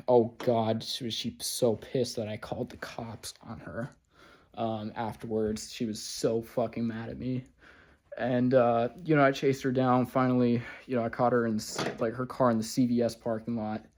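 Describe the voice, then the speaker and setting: Rambling, profane man with a mellow voice. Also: mid-range voice, level tone, normal speed. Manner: rambling, profane, heavy on fillers. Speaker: vlogger. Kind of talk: casual storytelling monologue.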